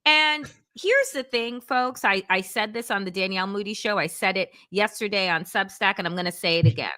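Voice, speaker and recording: A woman hosting a live political talk show, speaking in a measured, deliberate way as she reads a statement aloud and presses her point. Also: medium pitch, lively intonation, bright, forceful tone. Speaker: host. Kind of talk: political commentary.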